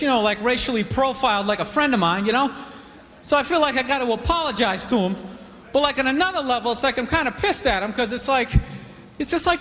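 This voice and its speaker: A man doing a stand-up comedy set on a club stage, rambling and animated with constant "you know" asides. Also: extremely high pitch. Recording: live club recording with reverb and crowd.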